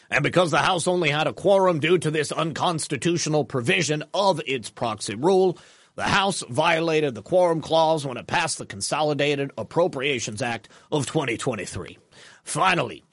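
A man putting on a Southern accent to voice an older male judge, a cigar-smoking gentleman, reading slowly and formally. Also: on the high side, slightly rough, no room sound, clean studio sound, exaggerated voice. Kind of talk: put-on voice reading a court ruling aloud.

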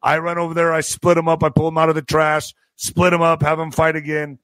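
A man telling a profane story to his video audience, animated and full of spoken sound effects. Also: on the high side, a little fast, dry recording, poor audio. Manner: slips into a Spanish-accented put-on for quoted locals. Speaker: vlogger and author telling stories. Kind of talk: casual storytelling to camera.

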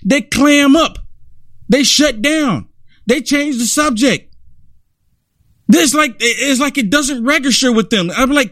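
A man with a notably high voice delivers casual reaction commentary on political videos. He rants and keeps restarting with "I mean." The sound is close and dry. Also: takes it slowly, pauses often, fairly bright tone, no echo. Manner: ranting, repeats "I mean".

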